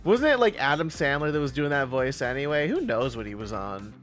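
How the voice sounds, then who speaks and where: A man's voice: mid-range voice, big pitch swings, a little fast, fairly bright tone, faint music behind. A man giving casual live-stream commentary while playing a game, rambling, interrupting himself and laughing often.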